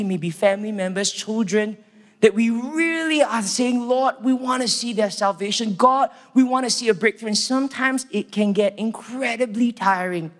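A young man with a Singaporean English accent preaching a sermon in an earnest, emphatic, storytelling way. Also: high-pitched. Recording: echoey church hall reverb.

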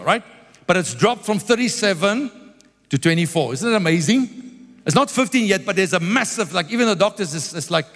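A man preaching a sermon, telling stories with lively quoted dialogue. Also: a little high. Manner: animated storytelling with quoted dialogue. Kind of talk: sermon with storytelling. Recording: long hall reverb.

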